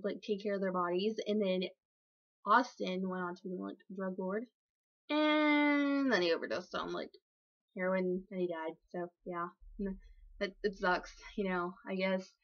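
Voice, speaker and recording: A woman's voice: mid-range voice, muffled recording. Rambling woman improvising a silly story. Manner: rambling, filler-heavy, swearing, self-correcting. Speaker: vlogger telling a made-up story.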